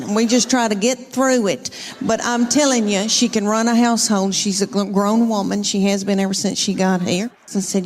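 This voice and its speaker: A woman's voice: on the high side, steady tone, normal speed, hardly any pauses. Folksy woman telling stand-up stories. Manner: folksy, drawling, self-mocking. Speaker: stand-up comedian. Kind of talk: stand-up storytelling.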